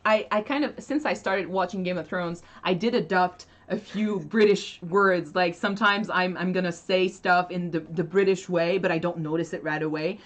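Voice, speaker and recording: A woman's voice: on the low side, fairly even intonation, moderate pace, few pauses. A woman from Quebec with a Quebec French accent, a native French speaker, chatting casually on a live stream. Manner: chatty, laughs often, restarts sentences. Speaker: co-host.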